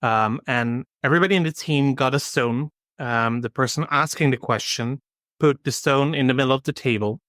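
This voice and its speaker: A man co-hosting a podcast, talking in a calm, measured way with dry humor. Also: mid-range voice, dry recording. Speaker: podcast co-host. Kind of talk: casual chat.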